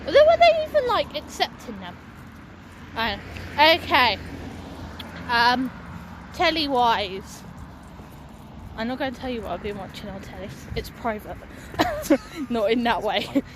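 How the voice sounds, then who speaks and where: Her fairly high voice is animated yet slow, with long pauses, as this young vlogger chats into her phone while walking down a busy street. She swears freely, and passing traffic and buses near a bus stop make the outdoor recording loud.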